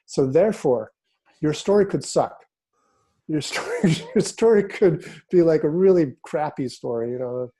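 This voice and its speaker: A middle-aged man, a hypnotist, talking casually in an interview and sliding into slow, hypnotic phrasing as he tells stories. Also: on the high side, breathy edge. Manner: relaxed and storytelling, drops into slow hypnotic phrasing. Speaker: hypnotist explaining his method. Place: office in a big city.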